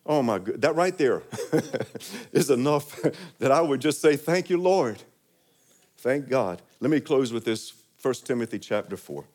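A man's voice: mid-range voice, darkish tone. A man preaching a sermon, leading the congregation in call-and-response and building to emphatic peaks. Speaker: pastor.

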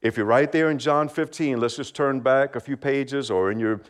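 A man delivers a sermon in an easy, friendly way, at a middle pitch. He checks in with his listeners often, leads call-and-response, and laughs lightly between his points. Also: moderate pace. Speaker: preacher. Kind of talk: children's sermon.

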